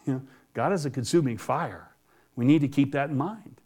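A man's voice: medium pitch, moderate pace, a little mellow, breathy edge. A man preaching a Bible-teaching sermon in a conversational way, often repeating words.

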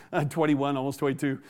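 A man's voice: mid-range voice, normal speed. A man telling a personal faith story as an interview guest, folksy and plainspoken, chuckling often and restarting his words. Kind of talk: casual spoken testimony.

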